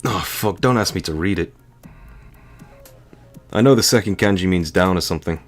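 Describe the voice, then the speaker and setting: Faint music plays behind a game streamer whose low voice moves at a normal speed. His throat sounds sore and dry as he cracks crude jokes and rambles through casual let's-play commentary.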